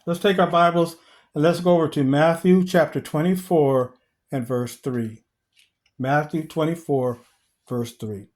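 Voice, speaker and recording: Guy teaching bible study, bit higher voice, slow careful verse reading, asks his listeners questions. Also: darkish tone. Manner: asks rhetorical questions, calls listeners family; reads scripture slowly and deliberately.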